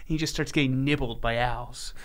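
A man co-hosting a podcast, telling an improvised comic story in a rambling, halting way. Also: medium pitch, fairly even intonation, a bit bright. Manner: rambling, halting, with frequent laughs. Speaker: podcast co-host.

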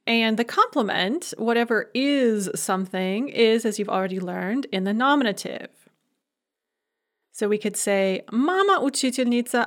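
A woman giving a recorded language lecture, explaining grammar clearly and reading example sentences aloud. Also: medium pitch.

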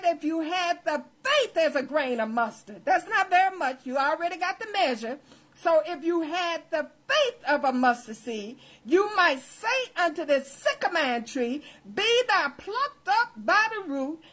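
A woman's voice: very high voice, a bit bright. A woman pastor preaching a fervent sermon, repeating key words and calling out questions to the congregation. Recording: radio broadcast.

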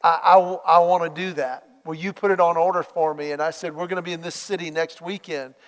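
A man preaching a sermon, telling a story with lively acted-out dialogue. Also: fairly high pitch, brisk, big-room sound. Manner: animated storytelling, acts out quoted dialogue.

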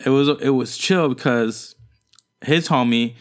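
A man's voice: mid-range voice, a little slow. Slangy, profane young man telling stories. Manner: animated storytelling with slangy, profane delivery. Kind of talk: casual chat.

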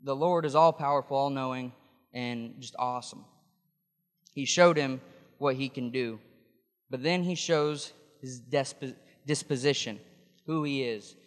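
Male preacher, conversational sermon delivery, mid pitch, smooth and resonant voice. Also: a little slow, long reverb tail. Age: adult. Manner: conversational, explanatory, with restarts.

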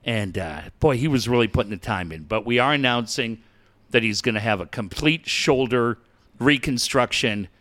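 A man's voice: mid-range voice, moderate pace, a bit bright, voice pushed down, lightly acted. A man playing a folksy male team executive who rambles through a glib, mock-sincere injury update.

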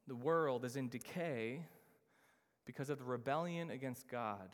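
Emphatic preacher man in reverb. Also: medium pitch. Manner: emphatic, with slow stressed phrases. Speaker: pastor. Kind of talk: sermon.

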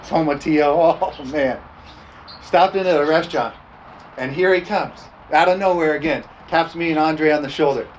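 A man's voice: on the high side, normal speed, muffled recording, a little hiss or hum. A man preaching a storytelling sermon in a folksy, laughing way, often tossing "amen?" to the congregation.

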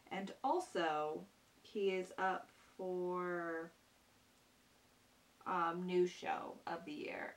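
A young woman talks casually to her viewers in an earnest, gushing way, circling back with ums and repeated words. Her voice sits a little low for a woman. She is recorded from some distance from the mic, and a faint hiss runs underneath. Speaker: vlogger. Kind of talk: casual chat to camera.

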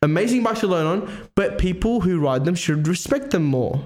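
A young man chats loosely, rambling into absurd deadpan answers. His voice is a bit higher than typical for a man. He talks with fillers and restarts. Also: normal speed. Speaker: podcast co-host. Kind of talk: casual chat.

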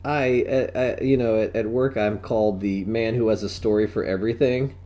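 A man's voice: lowish voice, fairly even intonation, normal speed, mellow. A young man from North Carolina telling rambling stories in casual chat. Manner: rambling storyteller, acts out family members.

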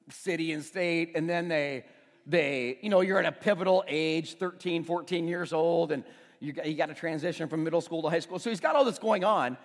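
A man in his forties, a pastor, preaching a sermon in a conversational storytelling way, stumbling and restarting, then swelling to loud emphasis. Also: fairly high pitch. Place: church hall. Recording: long reverb of a church hall, faint music.

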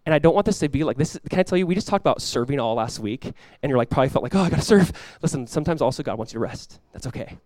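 A man's voice: fairly high pitch, lively intonation, racing, few pauses, darkish tone, no echo. A man preaching a sermon as pastor, talking casually with the congregation and rising into emphatic bursts.

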